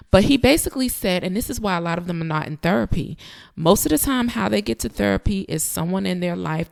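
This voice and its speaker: A woman with a somewhat low voice hosts a reaction commentary. She talks emphatically and addresses her viewers directly, with plenty of asides. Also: vocal fry. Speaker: commentary host.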